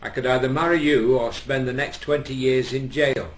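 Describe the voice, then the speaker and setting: A man's voice: medium pitch, steady tone, moderate pace, close to an everyday voice. A man doing a sobbing, moaning husband. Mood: plaintive. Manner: moaning, plaintive. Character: tearful middle-aged husband, sobbing. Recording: echoey room.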